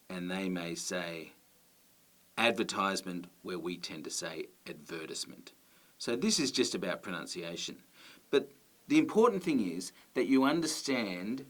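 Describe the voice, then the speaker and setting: Australian male teacher, lower voice, clear and emphatic delivery to camera. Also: fairly bright tone. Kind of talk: explaining to camera.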